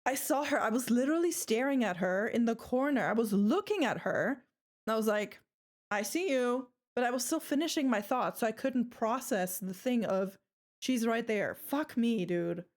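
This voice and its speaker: A woman's voice: fairly high pitch, animated, normal speed. A young woman streaming a horror game live, rambling, swearing and screaming in fright, with a throat sore from screaming.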